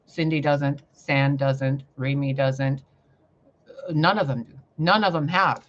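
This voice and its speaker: A woman vlogging a rambling, profane spiritual rant that swings between loud outbursts and hushed muttering. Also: extremely low pitch, steady tone, slow pace, dull audio. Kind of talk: ranting spiritual vlog monologue.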